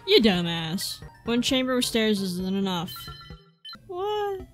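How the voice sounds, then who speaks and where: Soft background music accompanies a let's-play gamer who speaks a little slowly in a medium-pitched voice. She's casual and profane, growing exasperated and talking back at the game's characters.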